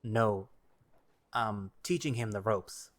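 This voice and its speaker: A man's voice: lowish voice, takes it slowly, dry recording. A man voicing a guarded black male wolf butcher who answers in short, clipped lines. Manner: terse, reluctant, clipped replies.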